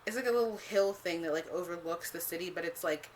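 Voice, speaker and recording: A young woman casually telling a storytime about a bad date, animated and profane, with lots of "like.". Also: lowish voice, fast talker, slight background noise. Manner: animated, profane, heavy use of "like".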